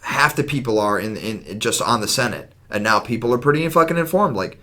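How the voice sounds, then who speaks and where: A young man co-hosting a casual podcast, ranting in an animated, profane way. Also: mid-range voice, fairly quick. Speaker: podcast co-host.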